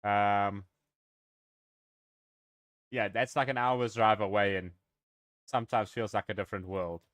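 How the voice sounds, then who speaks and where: A man's voice: on the low side, steady tone, a little slow, fairly bright tone, no room sound. A man from Africa, live-streaming a game and chatting in a rambling, joking way with his viewers. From South Africa. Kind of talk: casual live-stream chat.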